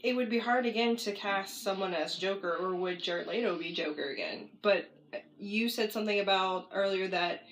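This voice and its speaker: A woman co-hosting a podcast in casual chat, opinionated and quick to react. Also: mid-range voice, fairly bright tone, rough recording. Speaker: podcast co-host.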